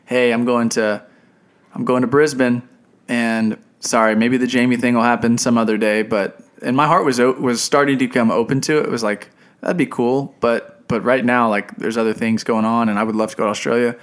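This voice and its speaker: A man's voice: medium pitch, brisk. A young man, a podcast co-host, telling a personal story in casual chat and acting out the people he quotes. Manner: animated, acts out quoted people.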